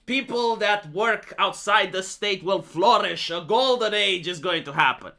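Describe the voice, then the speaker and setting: A man putting on the voice of a pompous campaigning politician, declaiming slowly and loudly. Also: high-pitched, expressive, gravelly, heavily acted. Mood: mocking.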